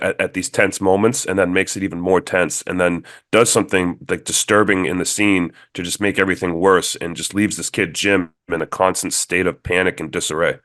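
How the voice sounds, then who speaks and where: Male podcast co-host, low voice, relaxed filler-heavy chat, dry close mic. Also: normal speed, few pauses, no echo. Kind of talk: casual movie review chat.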